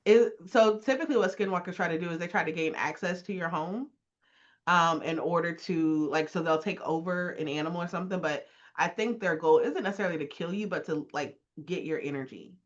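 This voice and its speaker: A woman's voice: lowish voice, a little fast. A woman co-hosting a casual podcast chat, telling stories animatedly and acting out voices with laughter. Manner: animated storyteller who acts out voices with laughs. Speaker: podcast co-host. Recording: dull lo-fi recording.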